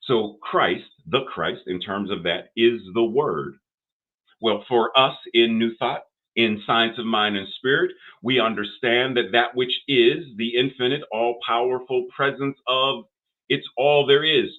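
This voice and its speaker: Older guy preaching, mid-pitched voice, repeats lines and builds up, sounds like a thin phone line. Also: a little slow. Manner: rhythmic, repetitive preaching with rising emphasis. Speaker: minister. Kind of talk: sermon. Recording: phone-like narrow band audio.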